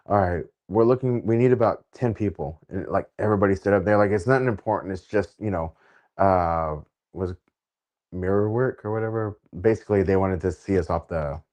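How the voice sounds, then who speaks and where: A man hosting an interview, chatting casually and easygoingly, laughing readily with halting fillers. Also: sits low, a little mellow. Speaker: interview host.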